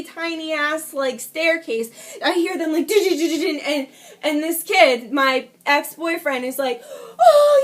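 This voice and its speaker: A young woman casually telling a personal story, emphatic and swearing, acting out shouted quotes. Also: sits high. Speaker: storyteller vlogger.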